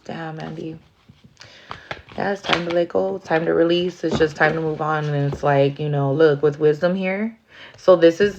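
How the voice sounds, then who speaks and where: A woman's voice: sits low, vocal fry, muffled recording. A woman giving a casual tarot reading, rambling with lots of fillers and swearing freely. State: near tears at times. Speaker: tarot reader.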